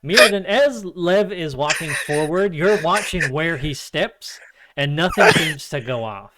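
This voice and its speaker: A man running a tabletop game as game master, relaxed and quick to laugh with his players. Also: a little high, heavy background noise. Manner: laughs often, easygoing with players.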